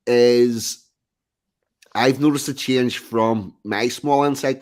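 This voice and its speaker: A middle-aged man from Northern Ireland rambles through his points, stopping and restarting with plenty of fillers. His voice is ordinary in pitch, and he drops in swear words casually. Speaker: participant on a live stream.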